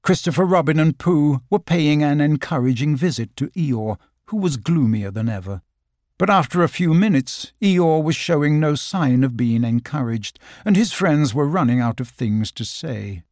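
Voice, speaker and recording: Man with lively storytelling narration. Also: a little high, moderate pace, no room sound, clean studio sound. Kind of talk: scripted audiobook narration.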